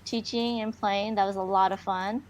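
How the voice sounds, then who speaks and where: A woman's voice: medium pitch, fairly even intonation, moderate pace, slight background noise. Chatty woman hosting a stream. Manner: chatty, hesitant with fillers. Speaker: livestream host. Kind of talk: casual livestream chat.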